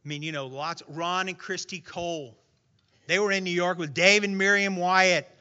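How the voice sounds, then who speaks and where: High, bright-voiced male preacher. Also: moderate pace, dull audio. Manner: lively, swings from hushed to emphatic; acts out voices in retold scenes. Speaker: pastor. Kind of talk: sermon. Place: church room with congregation.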